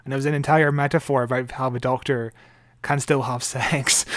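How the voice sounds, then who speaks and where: A man's voice: medium pitch, little pitch movement, moderate pace, a bit bright, no echo, clean studio sound. A Scottish man co-hosting a podcast, chatting casually about a TV episode with joking, chuckling asides. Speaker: podcast co-host. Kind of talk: casual chat reviewing a TV episode.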